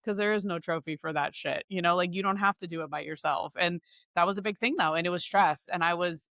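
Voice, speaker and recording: Bright, chatty woman hosting a podcast. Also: on the low side, fast, dry recording, studio quality. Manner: animated, chatty, laughs while talking. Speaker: podcast host. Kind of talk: casual interview chat.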